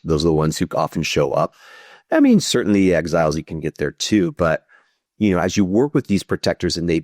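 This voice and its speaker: A male psychotherapist talking through ideas in a relaxed podcast interview, sometimes acting out inner voices. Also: sits low, no room sound, studio quality. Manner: thoughtful, explanatory, acts out inner voices. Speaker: psychotherapist guest.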